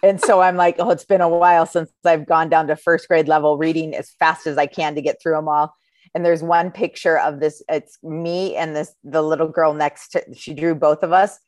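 Woman, 50s, podcast co-host; lowish voice, dry close sound, lively storyteller. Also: normal speed, no room sound. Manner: animated storyteller, acts out voices of kids. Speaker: podcast co-host, school counselor. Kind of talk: casual chat, storytelling.

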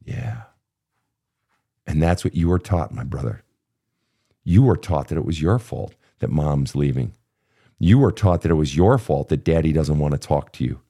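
A man's voice: extremely low pitch, lively intonation, normal speed, creaky, pauses often, warm tone. A man in his fifties coaching a guest through childhood pain in a blunt, profane, impassioned way. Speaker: therapist host. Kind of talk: emotional coaching session.

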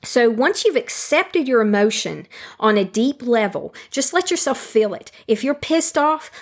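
A woman giving a calm, earnest self-help talk that speaks directly to the listener and repeats key phrases for emphasis. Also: fairly high pitch, measured pace. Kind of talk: teaching monologue on handling anger.

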